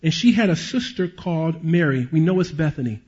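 A man preaching a sermon as a pastor and police chaplain, an animated storyteller who drops to hushed tones at emotional moments. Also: on the high side, a little fast, slightly rough, muffled recording.

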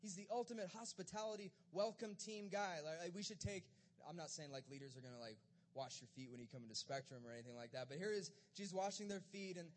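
A man's voice: sits high, quick pace, a little hiss or hum. A man preaching a casual, conversational sermon, retelling scripture and acting out the disciples' lines in everyday speech. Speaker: pastor.

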